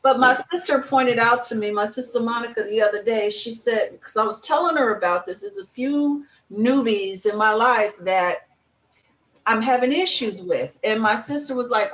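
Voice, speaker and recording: A woman chatting on a morning talk show, her voice a little high and bouncing off the walls of an echoey room. She talks with emphatic, animated energy and drifts into spiritual reflection. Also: normal speed. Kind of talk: casual chat.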